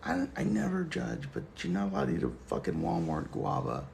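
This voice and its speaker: A man's voice: low voice, huge pitch swings, fairly quick, creaky, background noise. A man hosting a casual livestream, chatting loosely and joking while reading comments. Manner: laid-back, joking, chatty. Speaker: livestream host.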